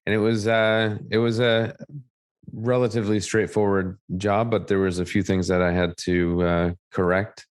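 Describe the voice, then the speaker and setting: A man with a very low voice co-hosts a casual podcast. He teases easily and talks through a home-repair job step by step. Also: little pitch movement, moderate pace, clear, resonant tone. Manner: easygoing, teasing, detailed storyteller. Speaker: podcast co-host.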